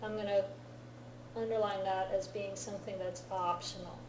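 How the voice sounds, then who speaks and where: A woman's voice: mid-range voice, little pitch movement, moderate pace, reverberant, background noise. A woman teaching a grammar lesson to a class, patiently explaining and often checking whether everyone understands. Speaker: Japanese teacher.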